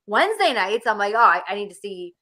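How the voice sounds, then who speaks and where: A woman in her late twenties, a podcast co-host, chatting casually and giving blunt opinions in an animated, drawling way. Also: mid-range voice, fast. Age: 20s. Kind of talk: casual chat.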